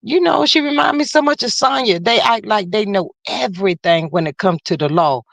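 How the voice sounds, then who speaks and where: A woman's voice: mid-range voice, brisk, vocal fry, dry recording. A woman hosting a casual live stream, talking straight to her viewers and reading out the chat in a folksy, chatty way.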